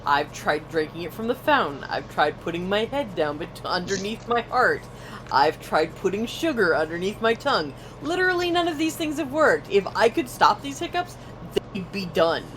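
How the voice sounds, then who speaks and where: A woman's voice: mid-range voice, normal speed, slight background noise, poor audio. A woman streaming as she draws, telling stories in a casual chat and acting out other people's voices. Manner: animated storyteller, acts out voices, swears casually. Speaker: art streamer.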